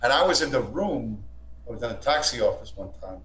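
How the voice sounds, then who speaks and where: Telling a rambling, foul-mouthed story as a stream guest, the man talks fairly quickly with lively intonation in a mid-range, fairly bright voice. He restarts and repeats himself frequently as he goes. An echo and a faint hum color the recording.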